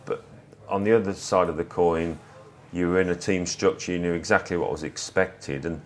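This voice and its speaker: Man, english accent, 50s, very low voice, relaxed storytelling, faint room hum. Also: moderate pace. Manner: relaxed, anecdotal, with frequent small restarts. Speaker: interview guest, former footballer. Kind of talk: reflective conversational storytelling.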